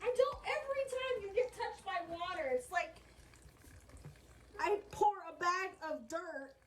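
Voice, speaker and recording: Young female vlogger, high lively voice, unhurried sweary home rant, faint room noise. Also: low-quality recording. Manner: swearing, ranting, laughing a lot. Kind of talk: casual vlog chat. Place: home, bathroom and office.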